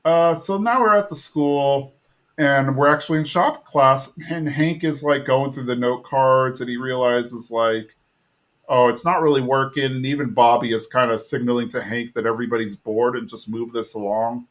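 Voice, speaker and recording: A man hosting a podcast, walking listeners through an episode in a loose, chatty way. He leans on fillers as he goes, his voice sitting at an ordinary middle pitch. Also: fairly even intonation, normal speed. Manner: chatty retelling full of fillers. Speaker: podcast host. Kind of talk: casual episode recap.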